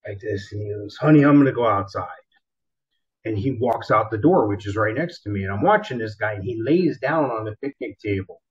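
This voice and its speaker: A man casually telling a wild story from his car-selling days, animated and profane, acting out the people in it. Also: lowish voice, breathy edge. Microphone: laptop built-in mic. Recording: dull lo-fi laptop mic.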